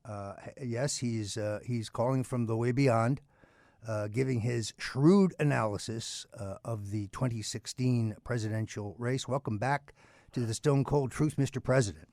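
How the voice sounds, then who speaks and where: A male talk radio host introduces his guests and asks long, winding questions, stalling often on uh's. His mid-pitched voice is recorded close and dry, with no room sound. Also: a little mellow, no echo. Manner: halting, full of uh's, with grand introductions.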